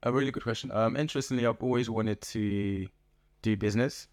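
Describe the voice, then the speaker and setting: A middle-aged man with a London accent, a guest in an interview, speaking in a thoughtful, measured way with frequent pauses. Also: lowish voice, a little mellow, dry recording, studio quality. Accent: London English. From England. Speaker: guest, organization founder. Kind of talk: conversational interview. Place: podcast booth.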